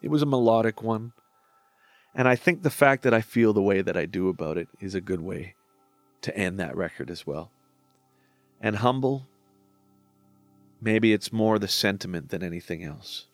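A man in his forties with a somewhat low voice, reflecting on his own music in a relaxed podcast monologue. He is candid and self-deprecating and swears casually. Faint music plays underneath. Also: normal speed, pauses often, no room sound. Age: 40s. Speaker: musician talking through his own albums.

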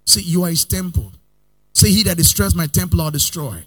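A male pastor preaching a sermon, swinging between loud outbursts and quiet asides, sometimes in a sing-song cadence and calling on his listeners to repeat after him. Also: sits high, lively intonation, brisk, breathy edge, soft background music. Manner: calls the congregation to repeat lines after him.

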